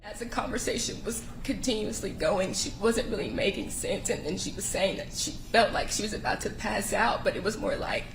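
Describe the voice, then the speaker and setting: A woman recounting events in an interview, halting and emotional as she speaks. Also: mid-range voice, echoey room, music in the background, rough recording. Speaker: interviewee, friend of the victim.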